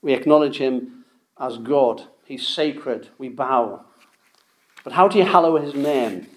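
A man's voice: mid-range voice, slow pace. A man preaching a sermon, emphatic and repeating key phrases for stress.

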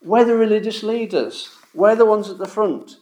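A man's voice: high-pitched, moderate pace, darkish tone, reverberant, pitched above the performer's own voice, close to an everyday voice. A male preacher voicing scornful, arrogant male religious leaders who mock the common people. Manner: scornful, mocking, talking down.

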